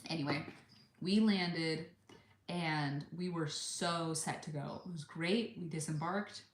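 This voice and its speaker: A chatty American woman in her thirties tells a travel story to the camera, slipping into the voices of the people she quotes. Her voice sits a little low. The room around her is bare and echoey. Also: takes it slowly, a little hiss or hum. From United States. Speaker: vlogger. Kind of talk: casual storytelling vlog.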